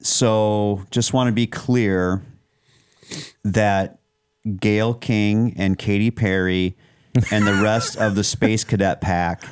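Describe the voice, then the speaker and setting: A man's voice: lowish voice, fairly even intonation, slow pace, clean tone, no room sound. A man co-hosting a podcast in casual chat, rambling with many restarts and fillers. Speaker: podcast co-host.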